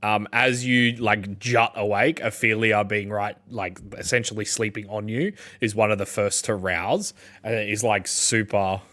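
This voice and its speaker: A man with an Australian accent narrating as game master, slow and full of fillers. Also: on the low side, steady tone, fairly bright tone. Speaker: dungeon master.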